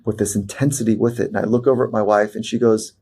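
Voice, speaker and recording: A man, a performance psychologist, telling a personal story as a podcast guest in an animated way, with fillers and restarts. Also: lowish voice, fast talker, breathy edge. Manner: animated storyteller who acts out quoted voices, many fillers and restarts.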